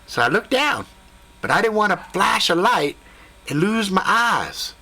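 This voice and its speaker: A man telling a comic story in an animated, profane way, jumping into voices and sound effects. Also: high-pitched, a little slow. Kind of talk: comedic spoken storytelling.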